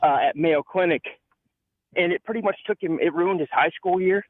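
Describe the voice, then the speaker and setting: A man's voice: high-pitched, no room sound. Breathless male caller on a tinny phone line. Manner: halting, with many fillers. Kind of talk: phone-in call.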